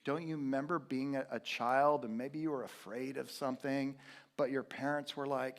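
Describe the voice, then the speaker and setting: Middle-aged male pastor, animated sermon delivery, drops to a hush then bursts loud. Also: medium pitch, moderate pace. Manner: animated storytelling, swings from hushed to loud. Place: church sanctuary.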